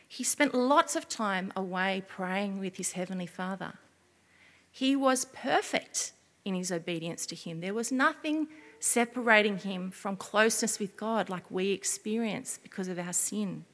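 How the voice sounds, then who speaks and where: A woman's voice: mid-range voice, moderate pace. Woman preaching in a reverberant hall. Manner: expressive, asks the listeners questions. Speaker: preacher giving a children's talk. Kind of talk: children's sermon.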